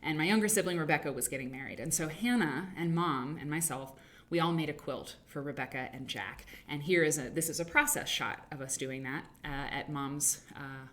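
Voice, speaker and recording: A woman's voice: low-pitched, normal speed, fairly bright tone. A woman from the American Midwest hosting a casual livestream from a home studio, chatty and rambling, laughing easily. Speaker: host. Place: home studio with green screen.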